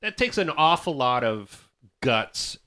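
Man, mid pitch, lively storyteller who acts out the dialogue, casual podcast chat. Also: takes it slowly, smooth. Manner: animated storyteller, acts out quotes, swears. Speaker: band member telling tour stories.

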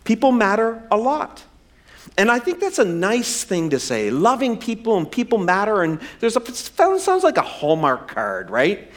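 Brief: forties male pastor, bright high register, swooping delivery, humorous and conversational from the pulpit. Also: wildly swooping pitch, normal speed, hardly any pauses. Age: 40s. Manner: humorous, conversational preaching with self-deprecating asides. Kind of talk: sermon.

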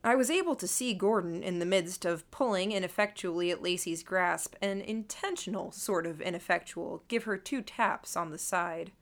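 Woman narrating an audiobook wryly. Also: lowish voice. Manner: measured, wry, observant. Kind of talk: first-person audiobook narration.

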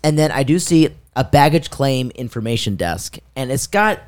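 Speaking at an ordinary pace in a mid-range voice, this man co-hosts a laid-back podcast. He relates a story with lots of energy, performs the quoted voices of its characters, and breaks into laughter mid-story.

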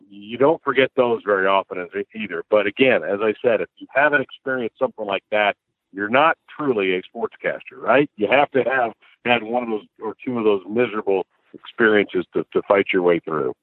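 A man, a sportscaster from the American Midwest, telling stories in a casual interview with lively restarts and laughs. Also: lowish voice, a little fast, no echo. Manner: animated storyteller, frequent restarts and laughs. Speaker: sportscaster guest. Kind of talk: conversational interview storytelling. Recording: dry, phone-like narrow line.

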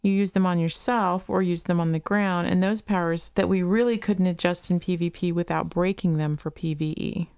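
A woman hosts a gaming podcast, reading interview quotes aloud in an even voice and chatting casually between them. Her voice sits on the low side. The sound is dry and close, with no room echo. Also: moderate pace, few pauses, smooth. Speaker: podcast host.

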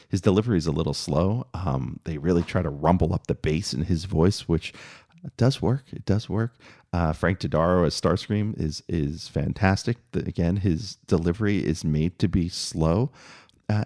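A man talking through a spoken review, opinionated and measured, with frequent fillers and restarts. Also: low-pitched, mellow.

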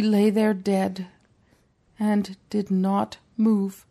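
A woman's voice: on the high side, a little slow, darkish tone. A woman, the host's mother, reading a fairy tale aloud in a dry, matter-of-fact way on a podcast.

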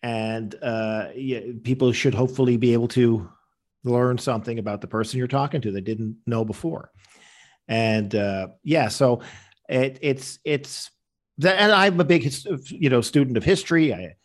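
A man's voice: medium pitch, normal speed. Rambling man telling stories. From Canada. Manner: rambling storyteller, acts out quoted people. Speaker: interview guest, comedian. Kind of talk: anecdotal interview answers.

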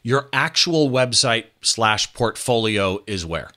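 Bright-toned male podcast host. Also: mid-range voice, animated, slow pace. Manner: upbeat, direct, addresses listeners. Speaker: interview host. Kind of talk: podcast interview hosting.

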